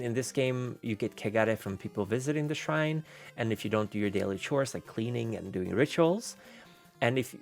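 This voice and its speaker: A man's voice: medium pitch, gravelly. A man streaming as a VTuber, chatting casually and rambling, with many fillers and restarts. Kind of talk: casual livestream chat.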